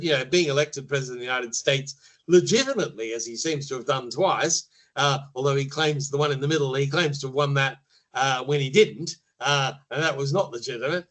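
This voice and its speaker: A man speaking as a media-trainer guest in a podcast interview, explaining in a measured way and often pausing to rephrase. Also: a little high, a bit bright, low-quality recording.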